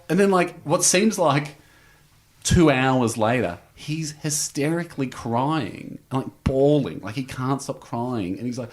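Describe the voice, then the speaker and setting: Aussie bloke rambling thru an animated story, middle pitch, acts out what everyone said. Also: male voice, a little slow. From Australia. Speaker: podcast guest. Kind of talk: casual storytelling chat.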